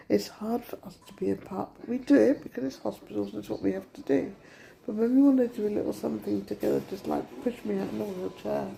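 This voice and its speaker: Tired woman venting, gravelly dark voice. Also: mid-range voice. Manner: upset, venting, retells dialogue. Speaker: vlogger. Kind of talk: casual vlog rant. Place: hospital room.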